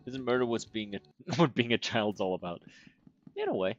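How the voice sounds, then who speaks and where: A man giving casual, wry commentary while playing a video game, with deadpan jokes and frequent fillers. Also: medium pitch, a little fast, dull audio, faint music behind. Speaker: gaming streamer. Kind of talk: casual let's play commentary.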